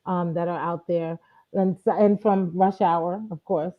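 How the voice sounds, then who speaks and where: New woman, muffled lo-fi sound. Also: unhurried. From New York. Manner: animated, acts out quoted speech in a higher voice. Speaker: Chinese tutor, guest. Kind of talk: casual interview chat. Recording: dull lo-fi audio.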